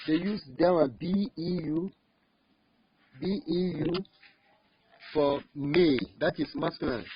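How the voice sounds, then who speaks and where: Man, language teacher, husky voice, slightly high pitch, repeats words slowly, dull lo-fi recording. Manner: slow, repeats each word several times. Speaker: French teacher. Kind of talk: online language lesson.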